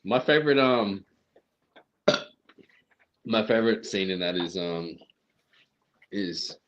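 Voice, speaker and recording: A man's voice: deep voice, lively intonation, slow, lo-fi sound, background noise. A man casually chatting on a call, rambling and swearing a lot while teasing his co-host. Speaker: podcast co-host. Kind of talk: casual chat. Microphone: headphones.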